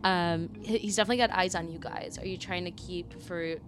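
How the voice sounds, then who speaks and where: A woman's voice: on the low side, fairly even intonation, brisk, background noise. Woman narrating a tabletop game. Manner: playful, loose narration with fillers and laughter. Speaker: game master. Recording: background music.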